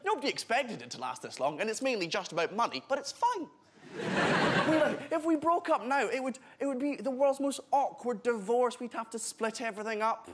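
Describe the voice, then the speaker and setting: A man's voice: extremely high pitch, big pitch swings, moderate pace, heavy background noise. A Scottish man giving a brash, mocking comic speech on a panel show. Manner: brash, mocking, punchy delivery. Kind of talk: stand-up style debate speech.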